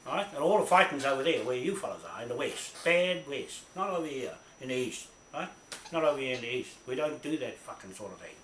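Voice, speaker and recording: This self-made rant comes from a man from New Zealand whose mid-range, fairly bright voice moves briskly with lively intonation. Furious and foul-mouthed, he repeats himself and ends point after point with "right?", his echoey room carrying faint noise.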